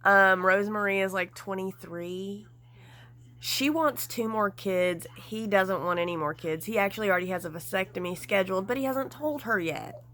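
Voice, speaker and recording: A woman vlogger giving casual, gossipy commentary, animated and frank with some mild swearing. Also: medium pitch, normal speed.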